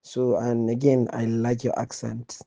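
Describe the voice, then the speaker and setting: A man's voice: medium pitch, monotone, unhurried, gravelly, mellow. A man from Nigeria with a Nigerian accent, leaving a polite, formal recorded voice message. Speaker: caller. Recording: dull, dry voice note.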